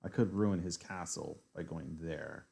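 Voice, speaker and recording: A man's voice: low-pitched, measured pace, vocal fry, dark tone. A man streaming a live chess game, thinking aloud as he weighs his moves, muttering and correcting himself as he goes. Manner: muttering, self-correcting, analytical.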